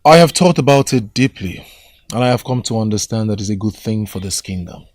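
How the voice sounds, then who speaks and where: An actor with a Nigerian accent playing an earnest, dutiful young prince, in a film drama. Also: male voice, on the low side, lively intonation, a little fast, a little mellow, no echo, studio quality.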